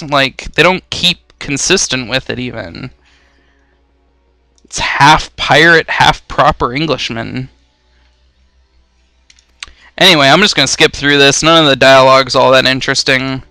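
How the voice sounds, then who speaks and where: A man's voice: mid-range voice, moderate pace, bright, forceful tone, dry recording. A young man giving casual, rambling let's-play commentary, swearing freely and poking fun at himself. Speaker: gaming YouTuber.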